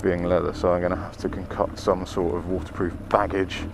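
A man's voice: low-pitched, flat delivery, brisk, gravelly. A man filming himself while riding a motorbike through town, swearing and ranting at the traffic as he chats to the camera. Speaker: motorbike vlogger. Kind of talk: casual riding commentary. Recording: noisy wind and traffic.

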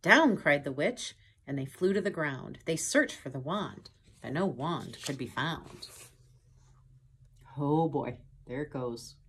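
A woman reading a picture book aloud to children, pausing to point at pictures and ask them questions in a gentle way. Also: low voice, slight background noise. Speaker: storytime reader. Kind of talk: children's storytime read-aloud.

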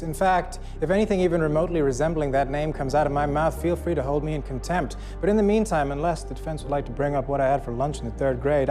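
An actor playing a sharp, combative male prosecutor who questions in a sarcastic, pointed way. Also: fairly high pitch, natural voice.

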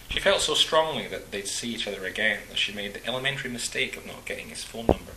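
A man calmly reading a short story aloud in a measured narrating voice. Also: on the low side, reverberant, background noise.

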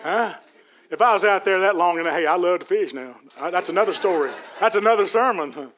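High-voiced folksy preacher. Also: male voice, brisk, slight background noise. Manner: folksy preaching, Southern US dialect, builds to shouts. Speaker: pastor. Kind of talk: sermon. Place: church sanctuary.

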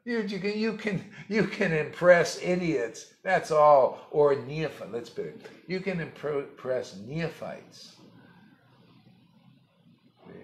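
A man giving a rambling, blunt spiritual talk, mocking and laughing often. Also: mid-range voice. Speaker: spiritual teacher. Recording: echoey room.

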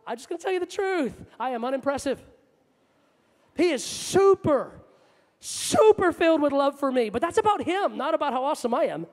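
A man preaching a sermon with passion, moving between loud outbursts and hushed asides, in a large church hall. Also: very high voice. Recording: long hall reverb.

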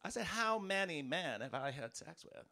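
An American man doing a stand-up comedy set in a club, ranting with punchy, animated delivery. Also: on the high side, moderate pace. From United States. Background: audience laughter.

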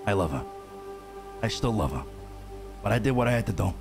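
A man voicing a brooding, hot-tempered mob boss in a game roleplay, cursing and moving from low, measured talk to shouting. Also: lively intonation. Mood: bitter. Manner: swears heavily, swings from low and measured to shouting. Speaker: roleplay streamer. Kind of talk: gangster roleplay. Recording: game stream with music underneath.

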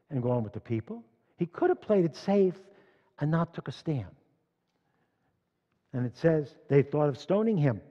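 An older man preaching a sermon, telling stories and reading scripture aloud with rising force. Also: fairly high pitch. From Philadelphia. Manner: storytelling, rising loud when reading scripture. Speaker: congregation leader. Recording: dull echoey church hall recording.

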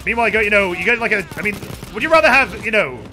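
A young man giving goofy, excitable commentary while streaming a game, with sudden yells. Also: high-pitched, racing, slight background noise. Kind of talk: casual gaming commentary. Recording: game music playing behind.

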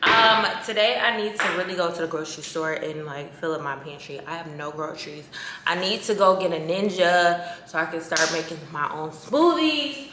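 Chatty slangy woman vlogging at home. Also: lowish voice. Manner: chatty, slangy and swears freely. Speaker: lifestyle vlogger. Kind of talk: casual chatty vlog talk. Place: her bedroom at home. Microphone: handheld phone camera. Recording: echoey room with faint background noise.

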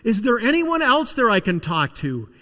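A man's voice: very high-pitched, big pitch swings, normal speed, pushed and bright, big-room sound, pitched above the performer's own voice, exaggerated voice. A man playing a puzzled boss on the phone whose questions keep rising and pushing as he gets more worried. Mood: patient. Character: puzzled, increasingly alarmed male boss.

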